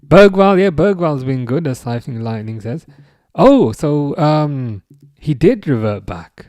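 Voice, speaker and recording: With a fairly high, sing-song voice of darkish tone, a man hosts a football watch-along live stream a little slowly. The dry, studio-quality recording captures his loose, rambling chat, full of restarts, as he answers viewer comments along the way.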